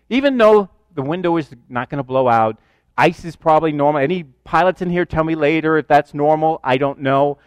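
An older man preaching a sermon, telling stories with lively, self-mocking humor. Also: a little high, brisk, no echo. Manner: animated storyteller, self-mocking. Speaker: pastor.

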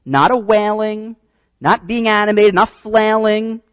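A man's voice: high voice, steady tone, a little slow, dry recording, poor audio. A man preaching a sermon in a conversational teaching style, often checking in with "right?" and repeating words as he restarts.

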